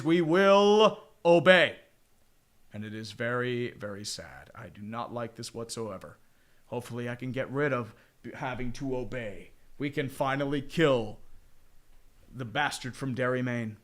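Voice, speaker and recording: Young man, high voice, casual hockey play-by-play, excitable, profane, rambling. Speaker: streamer doing play-by-play.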